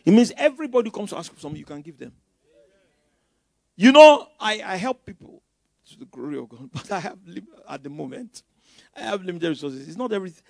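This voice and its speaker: Pastor, male, high and very lively voice, preaches with loud bursts and teasing asides, dry close sound. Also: a little fast, creaky, pauses often, no echo. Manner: mocking asides. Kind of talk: sermon.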